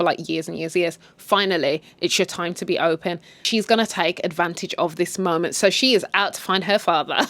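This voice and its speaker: A woman's voice: mid-range voice, fairly bright tone, no room sound. A young adult woman casually retelling a drama series in a chatty, gossipy way, swearing freely. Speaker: recap host.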